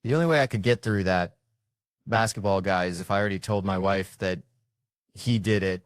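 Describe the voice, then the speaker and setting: Low-voiced man telling profane comic stories. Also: fairly quick, no room sound, studio quality. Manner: profane, rambling anecdotes with voiced quotes. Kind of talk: stand-up storytelling.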